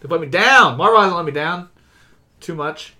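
A man's voice: on the high side, normal speed. Young dude on a movie podcast, voice jumps all over, swears constantly, restarts his sentences. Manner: animated, profane, stumbles over words. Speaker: podcast co-host. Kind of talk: casual movie chat.

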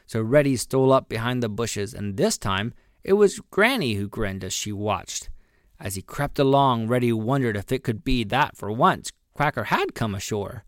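A man reading a children's animal story aloud, expressive and gently playful. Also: mid-range voice, moderate pace, dry recording, clean studio sound. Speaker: audiobook reader. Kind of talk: storybook narration.

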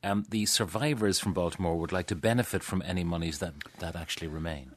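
Deep-voiced radio presenter. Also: male voice, fast, dry recording. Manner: calm, prompting questions. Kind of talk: studio interviewing.

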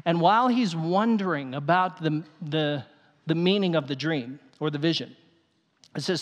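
A male pastor preaching a sermon, telling the story in an animated way with quick asides. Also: on the high side. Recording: long hall reverb.

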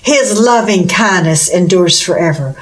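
A woman's voice: on the low side, expressive, unhurried. A woman preaching a sermon with fervent, exclamatory delivery and rhetorical questions.

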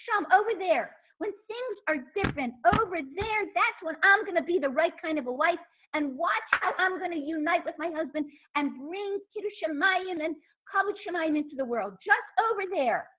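Woman voicing a fed-up wife at home, listing grievances in a high voice; tinny phone sound. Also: lively intonation, moderate pace, few pauses, noisy background. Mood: wistful. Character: frustrated housebound wife blaming her husband. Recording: thin phone-like line.

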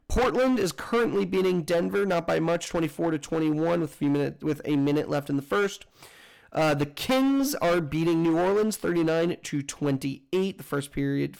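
A man's voice: a little high, darkish tone. A man hosting a casual sports news roundup, reading scores and standings in a loose, chatty way that corrects itself as it goes. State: has the hiccups.

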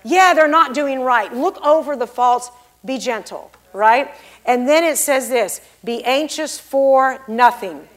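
A woman preaching a heartfelt sermon in a notably high voice. She drops to soft, almost whispered tones, then rises into loud, emphatic declarations. She explains scripture with earnest insistence. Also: measured pace. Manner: swings from hushed, near-whispered intimacy to loud exclamation; emphatic, expository. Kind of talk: sermon testimony.

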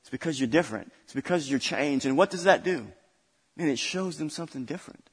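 In a large hall, a man preaches as a pastor, repeating phrases as his intensity rises. He speaks quickly with a husky, fairly high voice and lively intonation.

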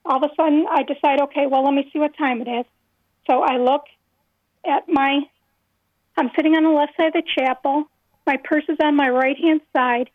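A woman's voice: high-pitched, no echo. Woman calling in on the phone, earnest, keeps repeating herself, dry close sound. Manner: earnest, repeats phrases, slow and careful at key moments. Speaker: caller. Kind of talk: telling a personal story on a call-in radio show. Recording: tinny phone line.

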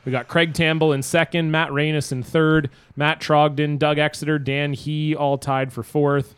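A man's voice: a little high, little pitch movement, a little slow, a bit bright, clear, resonant tone, no echo. A Canadian man co-hosting a podcast in casual, laughing chat. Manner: chatty, laughs often. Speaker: podcast co-host.

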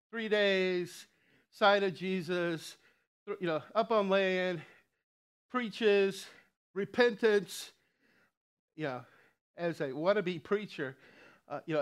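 A man delivers a sermon in an easygoing, conversational manner, dropping asides and chuckling along the way. His voice sits a little high for a man. He takes his time, speaking at a slow, unhurried pace. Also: clear, resonant tone. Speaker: lay preacher.

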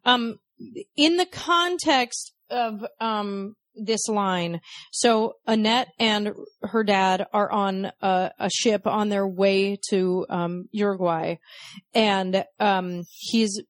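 A woman co-hosting a podcast, chatting casually about a film, frank and quick to laugh and swear. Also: medium pitch, no room sound, studio quality. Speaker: podcast co-host. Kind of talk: casual chat reviewing a film.

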